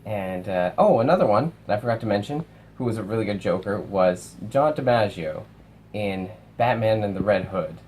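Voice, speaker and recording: A young man casually reviewing films, animated, swearing and acting out lines from movies. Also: fairly low pitch, moderate pace, slight background noise, poor audio. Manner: animated, swears, acts out quotes. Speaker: film reviewer.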